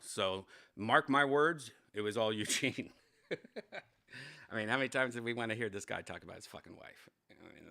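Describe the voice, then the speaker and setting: A man's voice: on the low side, pushed and bright. A man hosting his own show in a casual, rambling livestream chat, full of profanity and self-mocking riffs. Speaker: host. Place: home studio.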